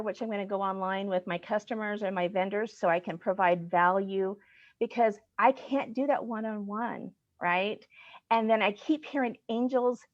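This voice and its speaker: A middle-aged woman, a guest on the show, telling her personal story in an earnest, excitable way, at times close to tears, over a video call. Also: medium pitch, dry recording, highs cut off. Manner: earnest, excitable, gets choked up. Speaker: guest, business owner. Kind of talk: emotional personal story in a casual chat.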